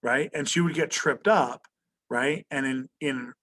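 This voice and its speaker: A man's voice: medium pitch, unhurried, fairly bright tone, a little hiss or hum. Man teaching an online history class. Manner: asks students questions, tags "right?" often. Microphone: video call.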